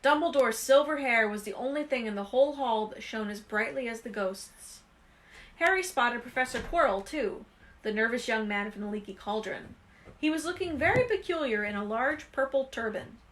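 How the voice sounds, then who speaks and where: A woman reading a children's fantasy novel aloud with expressive, lively storytelling. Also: a little high, moderate pace, a little hiss or hum. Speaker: reader.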